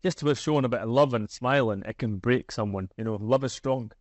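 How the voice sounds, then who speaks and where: A man's voice: medium pitch, fairly quick, dry recording. Broad Scottish man telling a story. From Scotland. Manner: chatty, laughs while telling stories. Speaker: guest. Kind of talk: casual storytelling.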